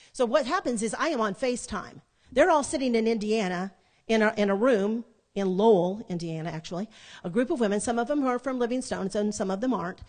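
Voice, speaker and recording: A middle-aged woman, preaching a sermon built on a personal story, animated, with dramatic pauses and repetition. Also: mid-range voice.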